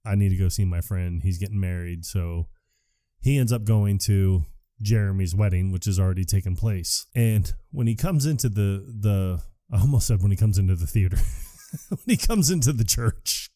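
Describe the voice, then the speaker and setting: A man co-hosting a casual movie podcast, recapping scenes in a low, mellow voice. He keeps breaking into lively impressions of the characters. The close mic sounds dry and free of room echo. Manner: acts out movie lines in quick impressions, laughs often. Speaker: podcast co-host.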